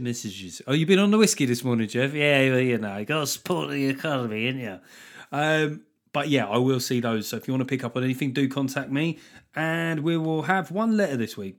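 A man hosting a podcast, ranting casually with a lot of swearing and mockery. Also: mid-range voice. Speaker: podcast host. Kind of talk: casual solo podcast monologue.

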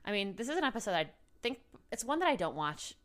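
A young woman co-hosting a podcast in casual chat, thoughtful and measured, with frequent ums. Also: mid-range voice, big pitch swings, a bit bright. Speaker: podcast co-host.

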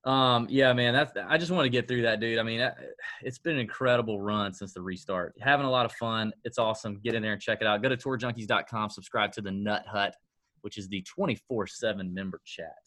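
Low-voiced joking podcast host man. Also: pushed and bright. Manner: joking, fast-talking, self-mocking. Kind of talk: casual podcast chat.

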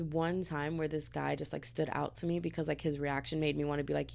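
Fry-voiced young woman ranting casually. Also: a little fast. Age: 20s. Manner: animated, rambling, jumps into high-pitched quoted voices. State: tired but wired on coffee. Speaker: podcast host.

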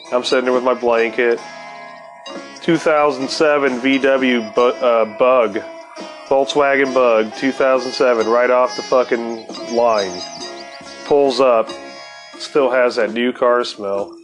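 Laid-back, profane man with faint sitar music. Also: medium pitch. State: high. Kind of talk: casual storytelling.

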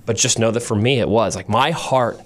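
A man's voice: lowish voice, normal speed. A man co-hosting a morning podcast, chatting casually with many restarts and asides. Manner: rambling, self-correcting, apologetic. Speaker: podcast co-host. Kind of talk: casual chat.

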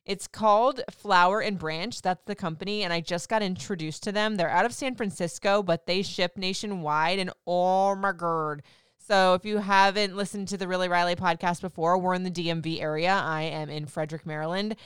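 Gushing, chatty woman, very smooth voice. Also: on the low side, steady tone, normal speed, no room sound, clean studio sound. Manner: gushing, chatty, lots of "like" and "y'all". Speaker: podcast host. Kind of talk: casual chat.

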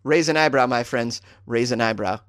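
A man's voice: medium pitch, normal speed, a bit bright, dry recording. A man from Boston with a Boston accent, hosting comedic news commentary, sarcastic and laughing between jokes. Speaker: host.

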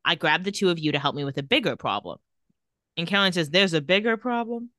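Recapping scenes at a quick clip, this woman co-hosts a casual podcast chat and voices the characters' dialogue evenly. Her tone is bright and sharp, pitched slightly low, and she's recorded dry and close to the mic without any room sound.

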